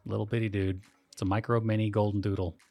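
A man's voice: lowish voice, level tone, quick pace, dry recording, lo-fi sound. A middle-aged man co-hosting a podcast, chatting easily and laughing often, a week out of sinus surgery. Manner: easygoing, laughs often, rambling. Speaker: podcast co-host. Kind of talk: casual chat.

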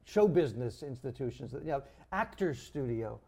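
A man's voice: mid-range voice, animated, moderate pace, creaky, warm tone. An older man from Long Island, co-hosting a casual chat and telling stories with dry jokes. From Long Island, New York. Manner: dry joking storyteller. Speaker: co-host.

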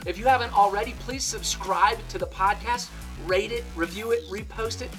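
A woman's voice: medium pitch, moderate pace. A woman co-hosting a podcast, reading a scripted, upbeat promotional introduction. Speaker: podcast co-host. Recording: music bed under voice.

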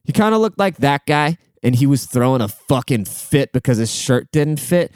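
A man's voice: mid-range voice, lively intonation, normal speed, clear, resonant tone, dry recording, clean studio sound. A young man hosting a podcast, giving a crude, profane, rambling monologue in casual chat.

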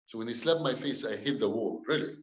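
A man's voice: medium pitch, fairly quick. A man, a pastor, telling a dramatic personal story with wry jokes and acted-out dialogue. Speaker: pastor and guest. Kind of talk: storytelling testimony. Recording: dull, roomy recording.

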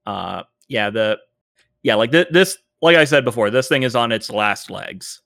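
Man running a tabletop game, halting. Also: medium pitch, lively intonation, vocal fry, fairly bright tone, dry recording. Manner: hesitant, many fillers. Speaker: game master.

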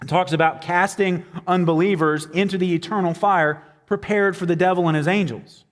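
Male pastor, higher-pitched, conversational sermon delivery, long hall reverb. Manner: conversational preaching with fillers and acted-out quotes.

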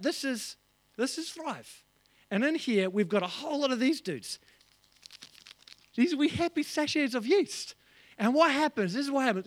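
A man preaching a sermon as pastor in a church, animated and joking, acting out little voices. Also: very high-pitched, no echo.

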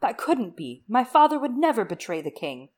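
A woman's voice: fairly high pitch, sing-song, moderate pace, a little mellow, pitched above the performer's own voice. A woman voicing an earnest young man who pleads and insists. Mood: insistent.

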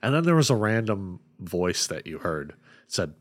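A man who ran the tabletop game, chatting casually on a podcast with quick agreeing interjections and frequent laughs. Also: deep voice, very animated. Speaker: game master, podcast co-host. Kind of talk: casual chat.

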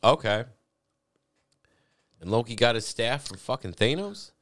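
A man co-hosting a casual chat, excitable and rambling, swearing freely. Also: medium pitch, a little slow, no room sound, clean studio sound.

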